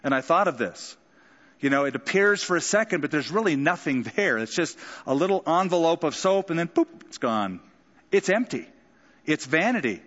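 Male pastor, slightly high voice, conversational sermon delivery, long hall reverb, dull sound. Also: very animated, moderate pace, fairly bright tone. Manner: conversational preaching with dramatic quoted voices.

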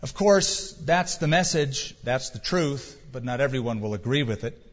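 A man's voice: medium pitch, expressive, normal speed. A male pastor preaching a sermon emphatically, full of rhetorical questions, in a dull recording with long hall reverb.

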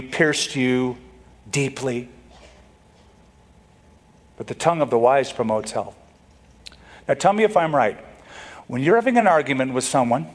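A man preaching a sermon with an animated delivery, slipping into mock voices for quotes. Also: fairly high pitch. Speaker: pastor.

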